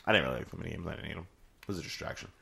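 A man's voice: very deep voice, rapid-fire, creaky, fairly bright tone, slight background noise. A man co-hosting a podcast, chatting casually and swearing, acting out lines in silly voices. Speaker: podcast co-host. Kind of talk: casual chat about a video game.

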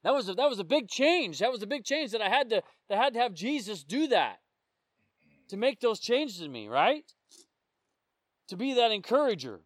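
High-voiced man preaching conversationally. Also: big pitch swings, normal speed, dry recording. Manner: conversational storytelling, often checking in with the listeners. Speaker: police officer sharing testimony. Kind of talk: informal sermon.

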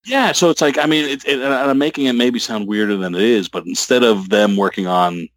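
A man talking as an interview guest about his comic work, halting and rambling with many restarts. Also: mid-range voice. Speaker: comic book writer guest. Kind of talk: casual interview talk.

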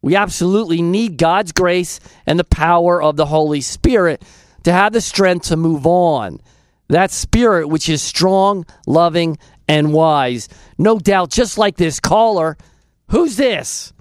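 A man's voice: fairly high pitch, unhurried, clean tone, dry recording. A man hosting a Christian call-in radio show, preaching earnestly and chuckling at his callers. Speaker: radio host.

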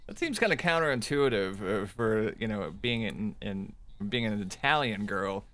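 A middle-aged man co-hosting a podcast, wry and self-deprecating, talking haltingly with many fillers. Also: lowish voice, expressive, a bit bright. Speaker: podcast co-host. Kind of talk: casual chat. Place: Chicago.

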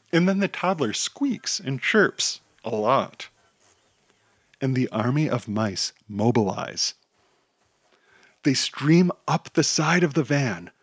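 A man tells a children's superhero story with animated, theatrical energy, his pitch in an ordinary middle range. The recording is dry and close, with no room sound around him. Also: breathy edge, no echo. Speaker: storyteller and podcast host. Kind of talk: children's audio story narration.

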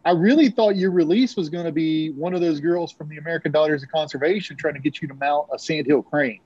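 A man's voice: a little high, fast talker, darkish tone, husky, dry recording, muffled recording. A man hosting a casual live call-in podcast over a video call, teasing his callers. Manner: joking, teasing banter with callers. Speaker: podcast host.

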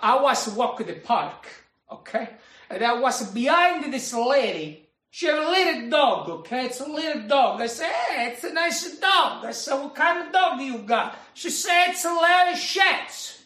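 A man's voice: very high voice, expressive, measured pace, pushed and bright, echoey room, far from the mic. A man with an Italian accent telling a comic story in broken English, often repeating "okay?". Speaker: comedy video creator.

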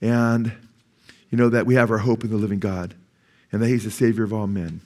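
A man's voice: on the low side, level tone, brisk, darkish tone. Man of sixty preaching with call-and-response. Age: 60s. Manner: asks the congregation questions and waits for the answer; repeats key phrases for emphasis. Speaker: pastor. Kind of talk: sermon. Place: church service.

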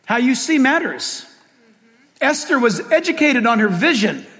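Older man, pastor, very high voice, lively swooping delivery, long church reverb. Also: a little slow. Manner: animated storytelling with humor. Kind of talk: sermon.

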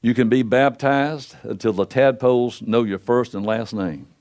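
An older pastor preaching a folksy sermon into a pulpit microphone, swinging between loud and soft. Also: male voice, moderate pace. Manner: folksy preaching with wide swings in pitch and loudness.

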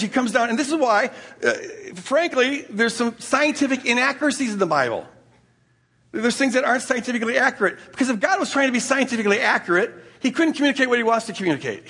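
An older man delivers a sermon in a relaxed, storytelling way, often chuckling and restarting his sentences. His voice sits fairly high for a man and has a husky grain. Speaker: pastor.

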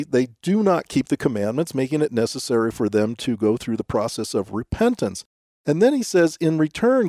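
A man's voice: a little high, warm tone, no echo, clean studio sound. A man co-hosting a scripted discussion, skeptical and emphatic as he reads out quotes and questions them. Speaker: co-host.

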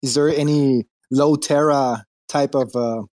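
A man's voice: mid-range voice, fairly even intonation, unhurried, a little mellow, no echo. A man bantering loosely on an online audio chat, tossing out profanity and jokes. His voice sits close and dry with almost no room around it. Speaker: co-host of crypto audio space. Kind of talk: casual banter. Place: home dining room.

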